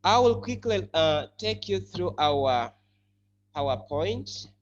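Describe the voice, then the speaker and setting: A male English teacher giving a classroom lesson, explaining slowly and repeating key words for his students. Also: high-pitched, lively intonation. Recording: slightly muffled with faint hum.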